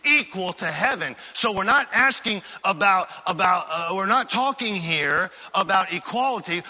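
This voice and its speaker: Fervent high-voiced preacher in a reverberant hall. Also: male voice. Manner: animated, enthusiastic preaching with repeated rhetorical questions. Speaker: pastor. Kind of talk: sermon. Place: church sanctuary.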